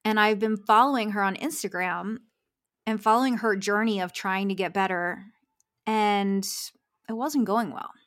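A woman's voice: medium pitch, moderate pace, a bit bright. A woman, a success coach, talking earnestly in a podcast interview and laughing often.

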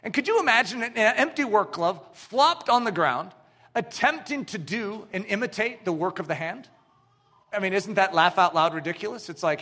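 High, animated male preacher. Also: moderate pace. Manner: animated, emphatic, jumps between shouts and hushed lines. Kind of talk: sermon.

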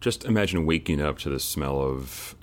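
A man co-hosting a podcast, talking things over in a measured, reflective way with some restarts. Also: a bass voice, animated. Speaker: podcast co-host. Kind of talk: casual chat.

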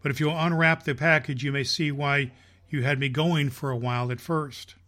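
A man reading the part of a stunned young husband, speaking low and subdued. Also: steady tone, normal speed, pushed and bright, lightly acted.

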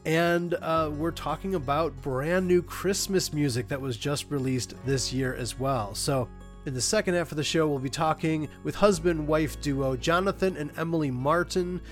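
A man's voice: on the high side, normal speed, soft background music. A man hosting a podcast from his home studio, his voice nasal and congested from being ill. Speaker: podcast host.

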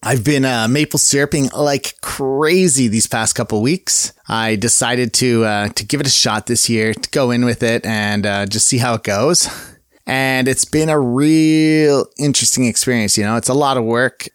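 A man hosting a podcast on his own, talking casually and cheerfully at a middling pitch. He drifts between topics with plenty of ums and restarts. His voice sounds dry and close, with no room echo. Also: normal speed. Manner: rambling and upbeat, with many fillers and self-corrections. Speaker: podcast host. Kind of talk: casual solo podcast chat.

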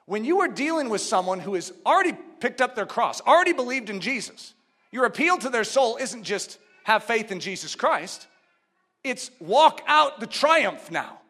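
A man preaching a sermon, teaching step by step with rhetorical questions and building to emphatic, near-shouted exhortations. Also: very high-pitched, lively intonation, normal speed.

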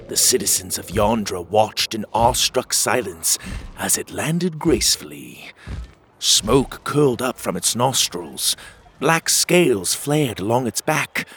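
A man narrating a children's storybook adventure in an expressive, animated way. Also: medium pitch, slightly rough.

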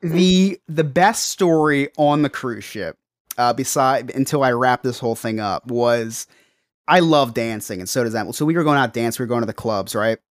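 A man co-hosts a casual podcast and tells his stories with animated, self-deprecating energy. He talks at a middle pitch, often restarts his sentences, and is recorded close on a dry studio mic. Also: moderate pace, no echo. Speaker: podcast co-host. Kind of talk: casual storytelling chat.

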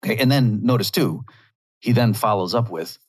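A man's voice: lowish voice, moderate pace. A man talking through a commentary monologue, arguing his point with rhetorical asides.

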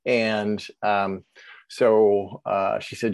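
A man telling his own life story as a podcast guest, halting and earnest, with many pauses and restarts. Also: lowish voice, flat delivery, a little mellow, no echo. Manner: halting, with many ums and self-corrections. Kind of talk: emotional personal storytelling.

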